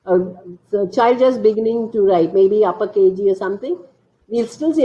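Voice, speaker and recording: A woman with an Indian English accent leads an online teacher training lecture over dull, lo-fi call audio. Her voice sits a little high, and she explains slowly, stressing words and quizzing her listeners. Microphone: computer mic on a video call.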